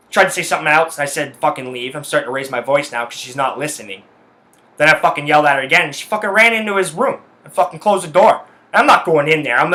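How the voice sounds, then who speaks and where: A man's voice: a little high, sharp tone. A man telling a heated story on his podcast, swearing constantly and repeating himself as his anger builds. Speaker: podcast host. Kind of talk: angry personal rant. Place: his home.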